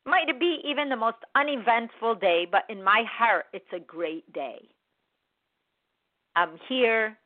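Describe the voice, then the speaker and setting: A woman's voice: fairly high pitch, lively intonation, a little slow. A woman hosting a motivational podcast who talks straight to her listeners and acts out her own inner voices. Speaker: podcast host. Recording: dry, phone-like audio.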